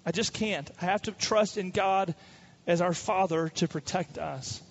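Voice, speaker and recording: A man's voice: high voice, measured pace, slightly rough, muffled recording. A man pastor preaching a sermon in a conversational way, with stories from his own family. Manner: conversational preaching with personal anecdotes.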